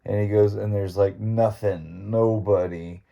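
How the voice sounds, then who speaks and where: Man, podcast host, casual storytelling, rambling, low voice, dark tone. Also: fairly even intonation, unhurried, gravelly, highs cut off. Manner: rambling, laughs often, quotes his friend. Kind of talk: casual ghost story retelling.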